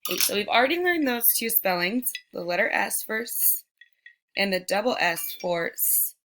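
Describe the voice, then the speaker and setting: A woman teacher giving a recorded phonics lesson to young children, sounding out words slowly and speaking to them directly. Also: mid-range voice, expressive, fairly bright tone. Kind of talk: slow, deliberate remote phonics lesson.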